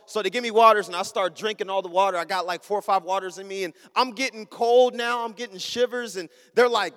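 Young male pastor, high voice, animated storytelling sermon, long hall reverb. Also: a little fast. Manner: animated, acts out the people in his story.

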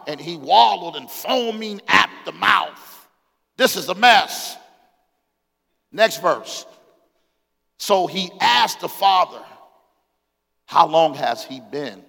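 Man, 40s, pastor, sermon, bright forceful voice, calls to the congregation, long church-hall reverb. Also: a little high, vocal fry. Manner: call-and-response preaching, rises to shouts, reads scripture aloud.

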